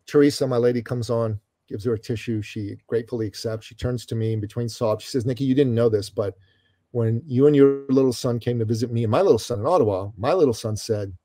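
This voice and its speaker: Middle-aged guy from iran spinning a story, keeps saying brother, warm low tone. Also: fast talker, no room sound. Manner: animated storyteller, calls host brother. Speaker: guest. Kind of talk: storytelling interview.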